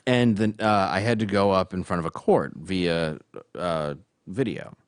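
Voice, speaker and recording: A man's voice: low voice, a little slow, clean tone, no echo, studio quality. A man, a stand-up comedian, telling a candid, self-mocking story in casual talk.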